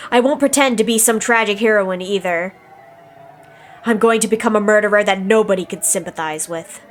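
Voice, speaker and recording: A woman's voice: mid-range voice, a little hiss or hum. A woman reading a visual novel aloud dramatically, in a menacing, taunting tone. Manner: menacing, taunting villain narration. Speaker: game streamer reading aloud.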